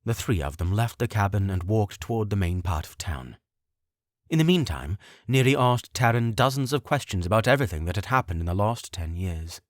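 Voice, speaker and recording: In scripted audiobook narration, a man with a fairly low voice tells the story expressively and at a measured pace. The recording is clean studio sound with no room sound.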